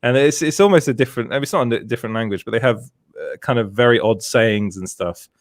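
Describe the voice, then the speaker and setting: A podcast co-host whose first language is French speaks fast in a mid-range voice, captured in clean studio sound without echo. On a casual live stream, he reads out chat comments, laughing often between restarts.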